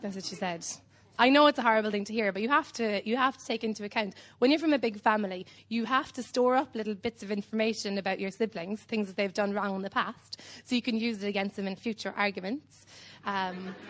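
A young woman with an Irish accent tells a meandering standup story on a club stage. She keeps a dry, deadpan delivery and drifts from point to point, filling the gaps with ums. Her voice sits at a middle pitch for a woman. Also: slight background noise. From Ireland. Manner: whimsical, rambling deadpan storytelling with frequent ums. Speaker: standup comedian. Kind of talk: live standup set.

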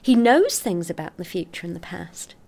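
Middle-aged woman scientist, lowish voice. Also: moderate pace, vocal fry. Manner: articulate, expressive storyteller. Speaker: scientist guest. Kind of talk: interview, explaining research.

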